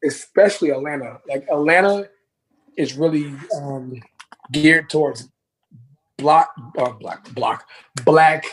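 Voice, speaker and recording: A young man from New York, a guest DJ, speaking hoarsely in a laid-back way and often saying "you know what I'm saying.". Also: fairly high pitch, slow, long pauses, slight background noise. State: hoarse from lost voice. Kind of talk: casual interview.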